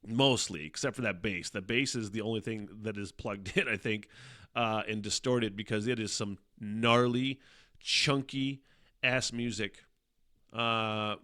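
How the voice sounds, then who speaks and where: A man's voice: on the low side, bright, forceful tone, no echo, studio quality. A man hosting his own podcast, chatting casually and profanely, laughing often as he tells a story. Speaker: podcast host. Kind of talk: casual solo chat.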